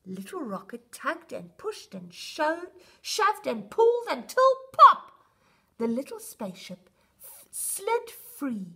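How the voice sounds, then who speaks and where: A woman storyteller reads a picture book aloud for very young children. She takes her time, and her voice is high, bright and full of lift. Every line rises and falls in a sing-song way. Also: big pitch swings, slow pace.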